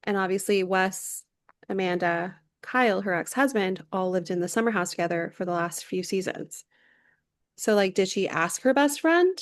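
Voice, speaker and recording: A woman's voice: medium pitch, animated, moderate pace, no echo. Woman podcast co-host, 30s, gossipy casual recap, dry close sound. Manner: chatty gossip recap, lots of "like" fillers. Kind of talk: casual chat.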